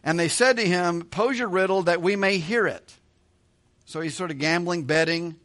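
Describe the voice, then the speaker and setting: A man's voice: high-pitched, normal speed, fairly bright tone. A man preaching verse by verse through a Bible passage, reading aloud and adding casual, joking asides. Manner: conversational, joking asides, chuckles often. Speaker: pastor.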